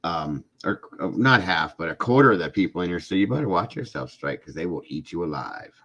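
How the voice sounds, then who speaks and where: A man's voice: sits low, lively intonation, brisk, bright, forceful tone, dull audio. A middle-aged man hosting a casual live stream, chatting with viewers and often breaking into laughing fits. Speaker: livestream host chatting with viewers.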